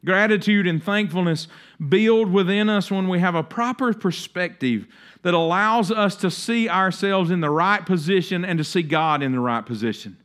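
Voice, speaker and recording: High-voiced man preaching conversationally. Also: normal speed, a bit bright. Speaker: pastor. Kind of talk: sermon.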